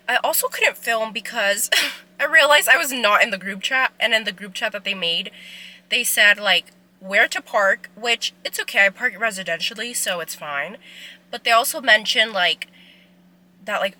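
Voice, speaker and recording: A woman's voice: medium pitch, bright, forceful tone, low-quality recording. A young woman in her twenties talking to her phone camera in a car, chatty and rambling, emotional and close to tears. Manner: chatty, rambling with many "like" fillers. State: tearful, emotional. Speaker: vlogger. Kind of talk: casual vlog talk to camera.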